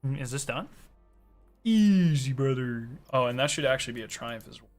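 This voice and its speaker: A man chatting casually on a gaming stream, excitable and ranting with plenty of swearing. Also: medium pitch, racing, faint music behind.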